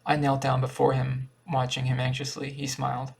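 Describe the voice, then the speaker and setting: Casting: male audiobook narrator, steady, husky and flat in tone. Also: medium pitch, moderate pace. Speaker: audiobook reader.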